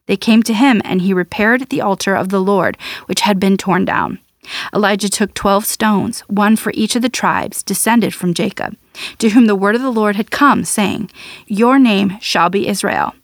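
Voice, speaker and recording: Woman, Bible reading, steady and even, middle pitch, dry studio mic. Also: normal speed, dry recording. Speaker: Bible reader. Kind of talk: scripture reading.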